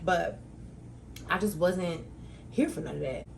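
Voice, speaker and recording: A young woman hosts her own talk show alone, rambling through casual stories full of slang. Her voice sits a little low and jumps into loud, excited outbursts when she acts out a punchline. A faint hum of room ambience sits behind her. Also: measured pace, creaky, low-quality recording.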